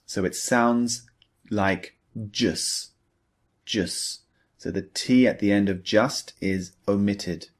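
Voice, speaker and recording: A male English teacher with a lowish voice, giving a scripted lesson. He talks slowly and patiently and checks in with the listener through questions as he goes. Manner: measured, patient explaining with rhetorical questions.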